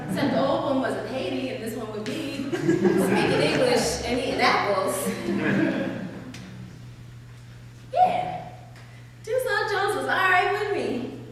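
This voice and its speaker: A woman performing a theatrical dramatic monologue in an art gallery, telling the story in lively vernacular speech and laughing between lines. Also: high voice, slow pace, long pauses, exaggerated voice. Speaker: stage performer. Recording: echoey gallery hall, far-off mic, faint room noise.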